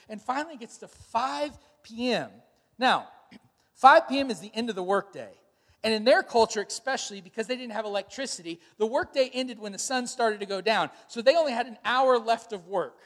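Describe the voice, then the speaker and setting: A man in his thirties preaching a sermon, telling stories and acting out quotes with sudden shouts. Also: sits high. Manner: storytelling, animated retellings with shouted quotes. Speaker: pastor. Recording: long hall reverb.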